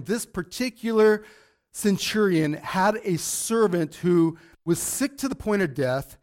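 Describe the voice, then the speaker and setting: A pastor teaches through a Bible passage in a relaxed, conversational sermon, pausing for fillers and side remarks. The man's voice sits high for a man, and it keeps going in and out.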